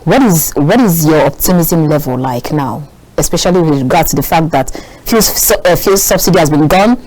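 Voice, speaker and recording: Low-voiced woman TV host. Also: lively intonation, moderate pace, darkish tone, poor audio. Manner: probing, presses with repeated questions. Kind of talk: moderating a TV panel.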